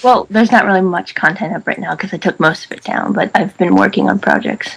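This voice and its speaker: Laid-back male guest, gravelly, faint background noise. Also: high voice, fairly quick. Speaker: podcast guest. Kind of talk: casual gaming podcast chat.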